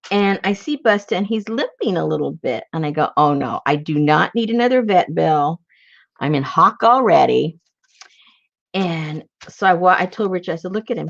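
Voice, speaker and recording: A woman's voice: lowish voice, creaky, no room sound. A woman vlogger chatting casually and telling a story, often laughing as she talks. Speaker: craft vlogger. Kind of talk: casual chat while crafting. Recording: dull lo-fi sound.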